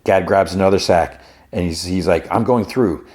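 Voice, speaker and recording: A man hosting a podcast, casually recapping a TV episode in a loose, rambling way and putting on higher voices when he quotes characters. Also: normal speed, darkish tone. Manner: slips into raised-pitch voices for quoted characters; loose, rambling, restarts often.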